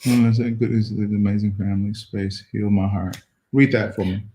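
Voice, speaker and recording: Man, pastor hosting casual chat, teasing, playful, falsetto bursts, echoey room. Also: level tone, a little fast, mellow, slight background noise. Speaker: pastor and host.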